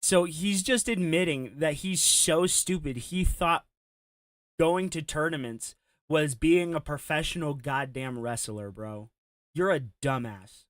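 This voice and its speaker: A man's voice: a little high, a little slow, fairly bright tone, no echo. Blunt, profane man hosting commentary. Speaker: commentary host. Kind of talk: reaction commentary.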